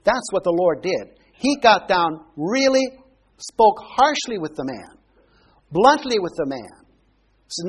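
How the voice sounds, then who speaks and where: A man's voice: sits high, very animated, a little slow, slightly rough. A man preaching a sermon in a conversational teaching manner, often asking his listeners questions.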